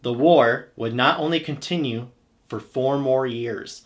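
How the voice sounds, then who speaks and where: A man reads a history documentary script at a middle pitch. His delivery is steady and measured, and he tells the story plainly. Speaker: history channel narrator.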